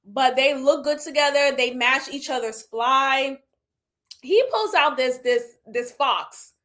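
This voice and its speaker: Thirties woman reviewer, high and bright, open and animated. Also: takes it slowly. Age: 30s. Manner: candid, animated, laughs often. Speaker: reality TV reviewer. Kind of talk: casual commentary.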